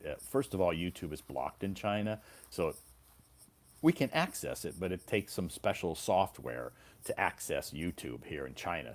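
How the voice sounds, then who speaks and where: A male English teacher giving a casual live-stream lesson, explaining patiently and repeating words for learners. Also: rumbling low. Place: living in China.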